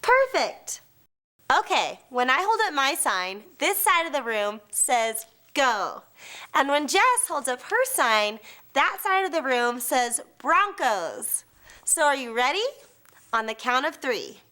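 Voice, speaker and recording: A woman's voice: high-pitched, very animated, slow pace, bright, forceful tone. A woman cheerleader speaking to students in an upbeat way and leading a call-and-response cheer.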